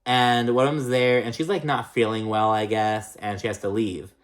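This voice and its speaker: A man's voice: little pitch movement, normal speed. Chatty, profane man recapping reality TV. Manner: chatty and profane, heavy use of "like"; jumps between pitch highs and lows when reacting. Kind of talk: casual recap commentary.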